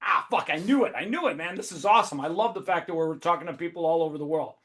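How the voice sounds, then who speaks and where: A man hosting a webinar, talking in a profane, high-energy, emphatic way. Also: fast, a bit bright. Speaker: host. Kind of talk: casual webinar talk.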